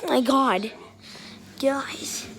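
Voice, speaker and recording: High-voiced, excitable young woman. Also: drawn-out words, creaky. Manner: excitable, shrieks and gasps, keeps exclaiming. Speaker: vlogger filming her puppies. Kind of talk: casual excited commentary.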